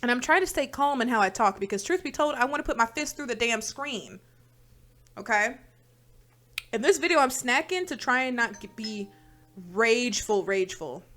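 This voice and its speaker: Woman, reaction host, fairly high voice, blunt, swears a lot, exasperated. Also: fairly bright tone. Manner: blunt, profane, exasperated ranting. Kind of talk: casual reaction commentary.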